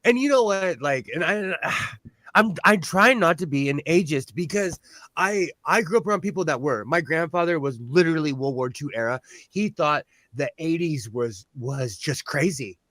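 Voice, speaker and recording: Casting note: chatty, blunt man, slightly high voice, dry close recording. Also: expressive, normal speed, fairly bright tone, no echo. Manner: talkative, blunt, self-deprecating. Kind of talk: casual chat. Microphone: on-camera mic.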